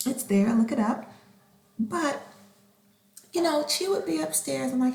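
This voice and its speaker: A woman's voice: high-pitched, measured pace, creaky, pauses often. Chatty woman podcaster in an echoey room. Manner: chatty and expressive, acts out quotes, sometimes drops to a whisper. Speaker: podcast host. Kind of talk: casual monologue. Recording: roomy echo.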